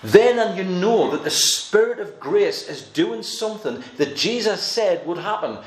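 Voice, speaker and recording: A man's voice: high-pitched, lively intonation, a little slow. A man preaching a sermon, explaining Bible passages verse by verse with a touch of humor. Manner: expository Bible teaching with light humor. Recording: echoey room, faint background noise.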